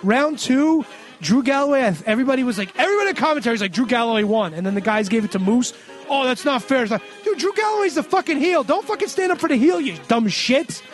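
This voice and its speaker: A man's voice: extremely high pitch, animated, fast talker, faint music behind. A man recapping a wrestling show on a podcast in a sarcastic, ranting way with lots of swearing. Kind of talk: casual profane recap.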